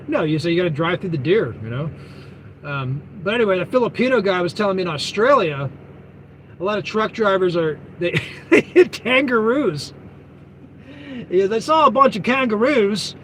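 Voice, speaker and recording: High-voiced rambling trucker vlogger man. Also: a little hiss or hum, rough recording. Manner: meandering, loses his thread, heavy fillers and self-corrections. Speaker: trucker vlogger greeting viewers. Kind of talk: rambling casual live chat.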